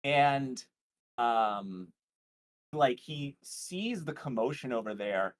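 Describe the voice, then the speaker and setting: A man narrating as game master of a tabletop game, with many pauses and fillers. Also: medium pitch, lively intonation. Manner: rambling, many ums, slips into characters' voices.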